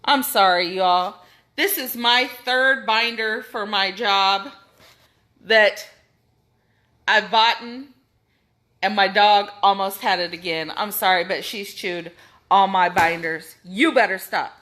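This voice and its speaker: A woman's voice: medium pitch, slow, pushed and bright. An American woman with a Midwestern accent, speaking out for a missing person's family in an impassioned, indignant rant straight to the camera, repeating her points with emphasis.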